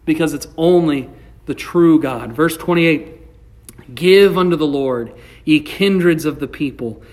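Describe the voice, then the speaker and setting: A man's voice: on the high side, slow pace, darkish tone. A man preaching a sermon with passion, his voice rising and dropping, reading scripture aloud along the way. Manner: impassioned preaching, rising and falling. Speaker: pastor.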